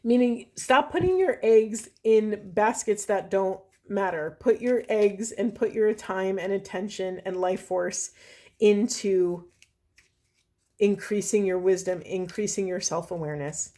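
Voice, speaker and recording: A woman's voice: mid-range voice, a little slow. Woman, thirties, tarot reader and spiritual coach; earnest, heartfelt, loose spoken delivery. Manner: earnest, gently emotional, many fillers. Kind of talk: casual spiritual reading monologue.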